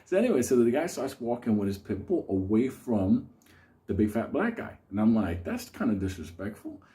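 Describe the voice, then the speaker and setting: A man's voice: medium pitch, lively intonation, normal speed, mellow. A man telling a rambling, profane story in a casual way, often breaking into laughter. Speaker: host.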